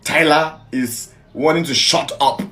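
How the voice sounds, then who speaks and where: A woman giving an animated, emphatic reaction in a casual online clip. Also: sits low, unhurried, heavy background noise. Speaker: online commentator.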